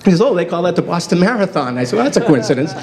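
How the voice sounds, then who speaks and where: A man's voice: sits high, big pitch swings, very fast, a crowd in the background. A man in his fifties giving a humorous acceptance speech, self-deprecating and acting out quoted dialogue. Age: 50s. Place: hotel banquet hall.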